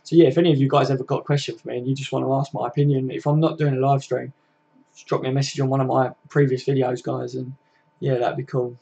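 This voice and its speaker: A man's voice: medium pitch, little pitch movement, quick pace, creaky, mellow, dull audio. A man, chatting casually and rambling on a live stream to his viewers. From England. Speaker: fan channel host.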